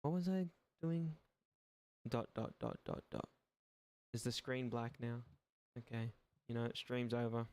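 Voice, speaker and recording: A young Irish man hosts a gaming livestream, rambling casually, swearing freely and tossing in dry, sarcastic asides. His mid-range voice is unhurried and slightly mellow.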